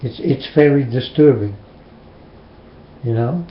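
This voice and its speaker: A man from the Netherlands with a Dutch accent, preaching casually in an earnest, halting way and asking the same questions again and again. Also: medium pitch, lively intonation, roomy sound, dull audio, a little hiss or hum. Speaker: religious vlogger.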